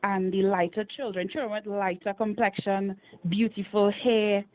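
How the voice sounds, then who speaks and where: A woman's voice: mid-range voice, fairly even intonation, normal speed. Woman, caller, earnest, point by point, tinny phone sound. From Trinidad and Tobago. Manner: earnest, lays out points one by one. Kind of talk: call-in opinion over the phone.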